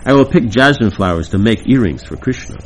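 A man's voice: mid-range voice, expressive, a little fast, slight background noise, close to an everyday voice, poor audio. A man reading aloud the part of a lovesick young woman in a devotional play, lamenting.

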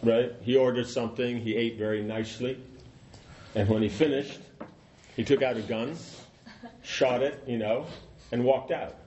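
A man's voice: medium pitch, fairly even intonation, normal speed, darkish tone, lo-fi sound, slight background noise. A man teaching an informal class, rambling and conversational, often saying "you know".

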